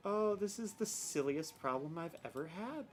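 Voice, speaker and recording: A woman's voice: lowish voice, lively intonation, normal speed, soft background music. A young woman streaming a game, chatting casually and rambling with self-mocking exasperation about her technical troubles. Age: young adult. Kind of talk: casual live-stream chat.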